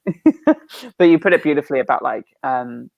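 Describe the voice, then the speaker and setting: A woman from Britain hosts a relaxed chat over a video call from her living room. Her voice sits low and gravelly, with lively swoops in pitch. She is bubbly and laughs often, and her voice sounds dry and close. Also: fairly quick, no room sound, narrow, tinny audio. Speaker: host.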